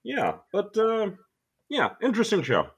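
A man co-hosting a casual comedy podcast, talking in a deadpan, sarcastic way. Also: sits high, a little slow, husky. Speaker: podcast co-host.

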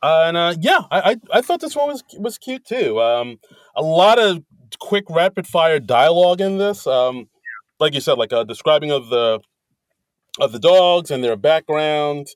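A man co-hosting a podcast, talking haltingly about comedy sketches with many fillers and chuckles. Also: a little high, lively intonation, dry recording. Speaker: podcast co-host. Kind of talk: casual chat reviewing comedy sketches.

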